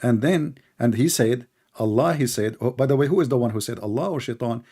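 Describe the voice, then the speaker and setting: A man hosting a live online debate. He speaks slowly and deliberately in non-native English, and he mocks and interrupts his opponent. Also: mid-range voice, lively intonation, mellow, husky. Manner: combative, mocking, keeps interrupting; slow, deliberate speech with non-native grammar. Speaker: debate host.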